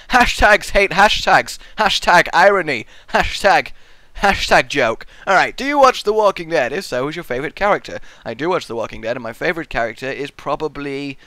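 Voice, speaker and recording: A man casually answering viewer questions in a goofy, animated way, often breaking into shouts and sound effects. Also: medium pitch, no room sound. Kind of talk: casual Q&A vlog.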